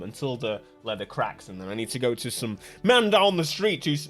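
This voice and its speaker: A man hosting a gaming channel, commenting on a racing game in a jokey, excitable way and laughing often. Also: mid-range voice, moderate pace, few pauses, soft background music.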